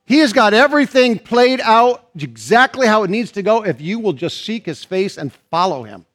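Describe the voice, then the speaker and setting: A pastor preaching a sermon and reading scripture, slowing and rising on stressed phrases. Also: male voice, high-pitched, expressive, a bit bright.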